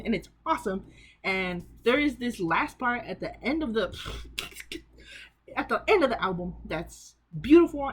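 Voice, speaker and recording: A woman's voice: medium pitch, fairly bright tone, breathy edge. Chatty, rambling young woman vlogger. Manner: chatty, rambling, self-mocking, laughs often. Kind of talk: casual chat showing off a collection.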